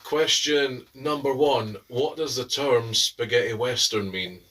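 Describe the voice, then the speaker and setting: Man, quiz co-host, dry jokes, mid pitch, a bit away from the mic. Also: measured pace, pushed and bright, recorded from a distance, poor audio. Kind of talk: casual chat.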